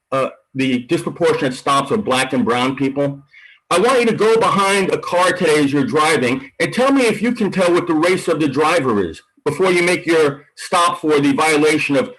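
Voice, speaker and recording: Argumentative guy calling in, kinda high voice, pushing back hard. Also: a bit bright, rough recording. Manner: combative, argumentative. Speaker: public commenter. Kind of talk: public comment.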